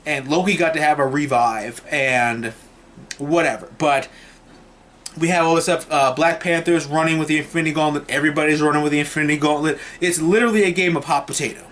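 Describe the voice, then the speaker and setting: A man recapping a film in a casual, excited, profane and rambling way as a movie reviewer. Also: on the high side, a little fast.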